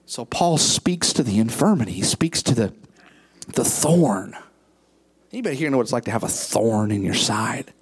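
A pastor preaches with impassioned rhetorical questions, swinging between hushed asides and shouted peaks. His medium-pitched voice is expressive with a breathy edge, at a moderate pace.

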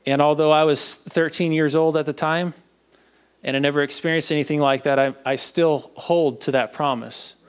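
A young man giving an earnest personal faith testimony, halting and often repeating his words. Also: a little high, steady tone, smooth. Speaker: speaker sharing a testimony.

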